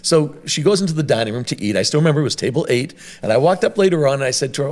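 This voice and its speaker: A middle-aged man spins one story after another in quick, tumbling speech, often restarting his sentences mid-thought. His pitch sits in an ordinary middle range as he talks. He sounds like a restaurant owner chatting on a podcast. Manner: rambling, animated storyteller with many restarts.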